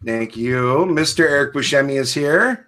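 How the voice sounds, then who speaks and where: A man hosts a relaxed podcast chat. He jokes freely and teases the group with playful energy. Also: medium pitch, normal speed. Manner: playful, joking, animated. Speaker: podcast host.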